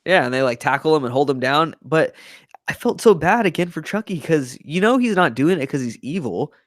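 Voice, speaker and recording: Animated man retelling a movie. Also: on the high side, a little fast, no echo, studio quality. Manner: animated retelling, acts out characters' lines. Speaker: podcast host. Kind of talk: casual movie review chat.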